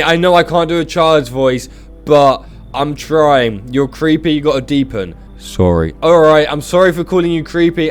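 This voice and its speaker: A man doing casual, joking let's-play commentary with animated reactions. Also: fairly high pitch. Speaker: gaming YouTuber.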